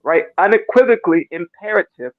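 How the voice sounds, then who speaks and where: A man's voice: high voice, lively intonation, fairly quick, no echo, phone-quality sound. A man giving an emotional church testimony, stammering and repeating himself, close to tears. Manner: repetitive, stammering, keeps asking "you know what I'm saying". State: near tears. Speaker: speaker in a church discussion.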